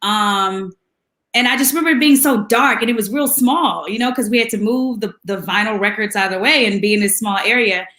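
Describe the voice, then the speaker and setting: A woman guest telling lively anecdotes in a casual chat, laughing often and mimicking voices. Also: mid-range voice, fairly quick, reverberant. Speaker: guest musician.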